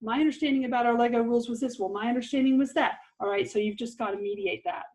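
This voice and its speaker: A woman's voice: on the high side, fast, darkish tone, poor audio. A middle-aged woman giving an earnest, encouraging parenting lesson, with light laughs. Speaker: parenting course presenter.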